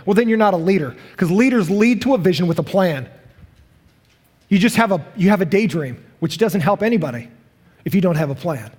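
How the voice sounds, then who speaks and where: A man preaching a sermon as pastor, animated and acting out the voices of the people he quotes. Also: high-pitched, fast talker. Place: church sanctuary. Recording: long hall reverb.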